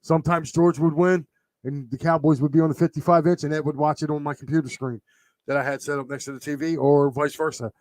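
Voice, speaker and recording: Philly guy on a sports show, kinda high voice, teary, lots of ums and pauses, dry close sound. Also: steady tone, darkish tone, dry recording. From Philadelphia area. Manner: halting, full of fillers and pauses. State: teary, emotional. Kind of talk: casual chat.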